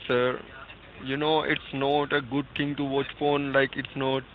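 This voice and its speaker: A man's voice: medium pitch, little pitch movement, measured pace, slight background noise. A man with an Indian accent on a phone call as a tech support caller, insistently repeating "sir" and "hello". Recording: tinny phone line.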